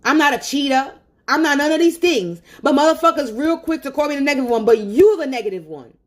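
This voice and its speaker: A woman's voice: sits high, expressive, fast. A woman on a phone livestream, venting angrily in a profane, repetitive rant. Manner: angry, profane and repetitive ranting.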